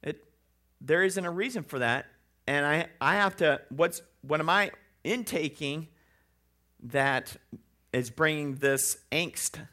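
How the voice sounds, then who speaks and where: A man's voice: a little high, slow pace, long pauses, bright, forceful tone. A man preaching a sermon in a conversational way, with joking asides and rhetorical questions. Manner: acts out quoted voices.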